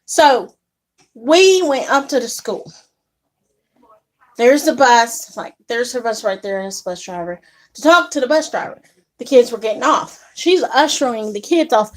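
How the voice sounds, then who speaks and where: A young woman casually telling an indignant story to camera, animated and quick to act out what others said. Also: on the high side. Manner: animated, indignant retelling with acted quotes. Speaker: vlogger.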